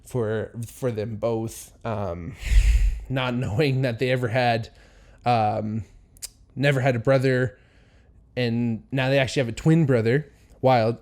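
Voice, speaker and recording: A man's voice: medium pitch, a little mellow. Male podcast host, mid-range voice, loose storyteller, heavy on fillers, acts out the quotes. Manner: rambling, many fillers, acts out quotes with chuckles. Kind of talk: casual solo podcast storytelling.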